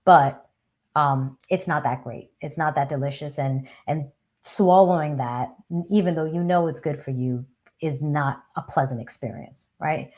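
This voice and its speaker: Low-voiced woman hosting live chat. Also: a little slow, darkish tone. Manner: conversational, often ends points with a questioning "right?"; thinks aloud with fillers and small restarts. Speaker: host of a live Q&A. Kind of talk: casual live chat talk.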